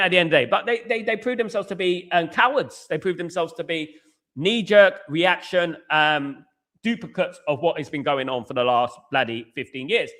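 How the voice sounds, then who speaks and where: A man's voice: on the high side, fairly bright tone. A young British man hosting a football fan live stream, ranting at length and reading out viewer comments. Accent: British English. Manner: ranting, repetitive, frequently says "at the end of the day". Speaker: football podcast host.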